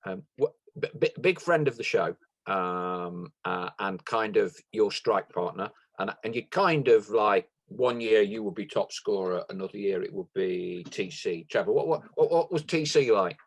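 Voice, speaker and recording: A man's voice: lowish voice, expressive, normal speed. A man hosting a podcast, asking hesitant questions with many fillers. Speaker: podcast host. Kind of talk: casual interview.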